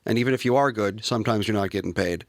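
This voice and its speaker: Dry-sounding self-deprecating co-host. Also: male voice, on the low side, rapid-fire, gravelly, dry recording. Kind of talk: casual talk-radio chat.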